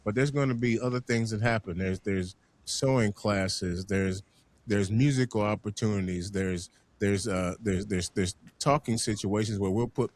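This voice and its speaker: A man hosting a community podcast, talking in an animated, emphatic way and often repeating words as he gets going. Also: on the low side, moderate pace, a little hiss or hum. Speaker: podcast host. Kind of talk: casual panel conversation.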